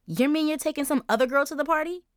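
A pushy, excitable teenage girl with a high, brassy voice, as a woman puts her on for an audiobook. She talks loud and fast. The recording is dry and close. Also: no room sound, close to an everyday voice. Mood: indignant. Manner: high, brash and quick.

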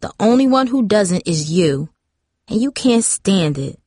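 A woman reading the part of a bold, touchy teenage girl in a storybook, pushy and quick to take offense. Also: medium pitch, big pitch swings, darkish tone, no echo, studio quality. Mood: defensive. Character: teen girl, bold and defensive.

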